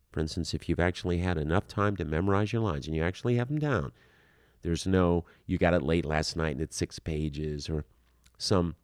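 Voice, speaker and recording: A man with a very low voice gives audition advice to actors. He speaks bluntly and with animation, mixing scolding and encouragement in casual, slightly profane talk. The recording is dry and close, with no room sound. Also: darkish tone, no room sound. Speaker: acting coach. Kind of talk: instructional talk to camera.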